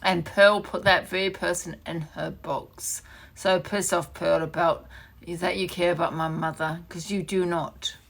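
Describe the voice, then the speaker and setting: A woman's voice: fairly low pitch, steady tone, unhurried, creaky. A woman ranting angrily on a live stream, swearing and repeating accusations. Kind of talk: heated live-stream rant.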